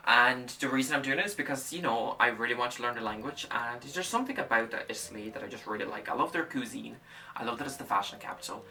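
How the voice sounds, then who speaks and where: A man's voice: medium pitch, quick pace, pushed and bright, distant mic, slight background noise. A young man in his late teens whose first language is Russian, talking through his studies in a casual vlog, rambling and correcting himself as he goes. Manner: rambling, restarts and repeats himself. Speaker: student vlogger.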